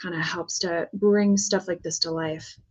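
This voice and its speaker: A woman's voice: on the low side, fairly even intonation, a little slow, a little mellow, slightly rough, lo-fi sound. An American woman casually talking herself through painting a prop, chatty and joking as she works. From United States. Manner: chatty, self-talking while working, jokey asides. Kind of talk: casual crafting vlog talk.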